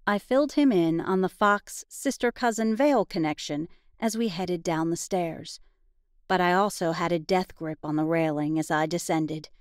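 A woman's voice: medium pitch, dry recording. Woman narrating a cozy mystery, dry close sound. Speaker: audiobook narrator. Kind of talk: scripted first-person narration.

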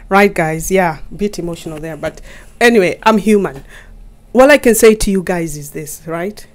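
A woman's voice: fairly low pitch, animated, moderate pace. Chatty woman vlogger from Kenya. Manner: chatty, keeps calling viewers "guys", laughs often. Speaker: YouTube vlogger. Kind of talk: casual vlog talking to viewers. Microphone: mic set up in front of her.

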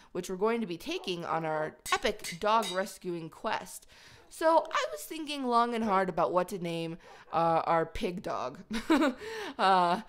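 A woman hosting a video game let's play, chatty and excitable, talking to her pets as she plays. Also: fairly low pitch.

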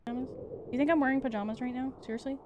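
A young woman streaming a game, chatting casually, laughing often and yelling at the game. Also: high-pitched, steady tone, racing, muffled recording, background noise. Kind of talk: casual gameplay commentary.

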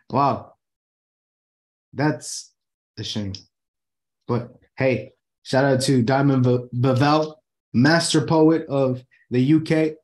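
A man's voice: medium pitch, very slow, long pauses, a little mellow. A man hosting his own talk show from his room, talking casually and animatedly, swearing freely and acting out people's inner thoughts. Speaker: host.

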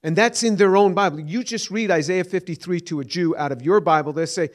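A man's voice: fairly high pitch, quick pace, few pauses. A man in his fifties giving earnest answers to audience questions at a lecture, often restarting words. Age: 50s.

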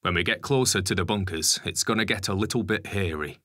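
A man's voice: low voice, fairly quick, a bit bright, no echo, studio quality. Man voicing a matter-of-fact convoy driver. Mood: steady. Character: calm convoy driver, adult man, reassuring.

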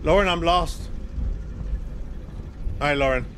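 A man streaming a horror game live, talking to his co-player and yelping and shouting in panic. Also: on the high side, measured pace, slight background noise. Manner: excitable, yelps and shouts in panic. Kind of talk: live gameplay commentary.

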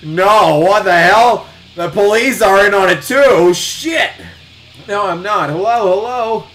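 A man's voice: fairly high pitch, expressive, brisk, soft background music, lightly acted, rough recording. A man voicing a frantic female pepper shaker who screeches in panic.

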